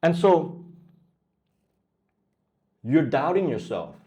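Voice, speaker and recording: A man's voice: on the high side, animated, drawn-out words, warm tone. A man coaching traders in a blunt motivational talk. He swears freely and keeps pushing the listener with repeated questions. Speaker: trading coach.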